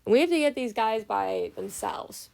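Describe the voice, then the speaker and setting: A young woman teaches math step by step in a relaxed, patient way. She sounds tired, and her slightly high voice often drops into a gravelly fry. She keeps checking whether the class is following along. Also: measured pace. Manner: patient, explaining step by step with frequent "right?" checks. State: tired, early morning. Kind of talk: casual math tutorial.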